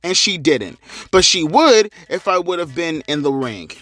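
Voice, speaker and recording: A man's voice: a little high, very animated, unhurried, sharp tone, soft background music. A young man hosting a crude, sarcastic rant commentary, cursing heavily. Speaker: commentary channel host.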